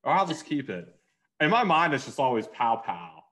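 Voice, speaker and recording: A man's voice: on the high side, sing-song, brisk, fairly bright tone. A man hosting a podcast, casual and self-deprecating, with hesitant fillers. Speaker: podcast host. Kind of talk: casual interview chat.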